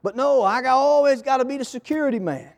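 A man's voice: very high-pitched, quick pace, big-room sound. A man voicing a moping male guard dog who grumbles about always having to chase off intruders. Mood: grumbling. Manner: grumbling, mopey.

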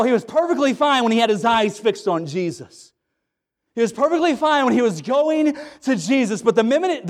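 A man preaching a sermon in a folksy, dramatic way, acting out the scenes he tells. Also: very high-pitched.

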